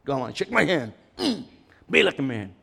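A gruff, protective husband, played by a man, squares up in a low, challenging voice. The sound rings with a long reverb from a large hall. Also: big pitch swings, normal speed, sharp tone, full character voice. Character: gruff, protective husband who is a tough guy. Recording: echoey hall.

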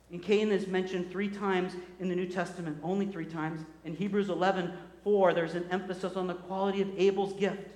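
A man preaching a sermon as pastor, animated and acting out the voices he quotes. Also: sits high. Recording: echoey hall.

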